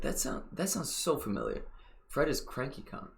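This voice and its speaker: A young man rambles and swears casually while reacting to a trailer on stream. His middle-pitched voice moves around in a lively way as he talks. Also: normal speed, gravelly, slight background noise.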